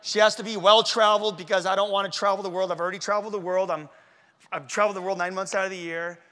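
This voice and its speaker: A man's voice: high voice, steady tone, fast talker, a bit bright, in a large hall. A man giving a storytelling sermon at a conference. He talks in a casual, slangy way and acts out his own quoted words. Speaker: conference speaker.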